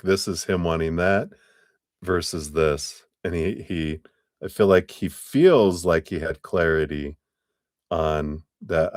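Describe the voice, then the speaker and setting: A man giving a live tarot reading to a client, talking in a casual, gentle, rambling way with many fillers. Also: low voice, no echo, studio quality. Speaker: tarot reader.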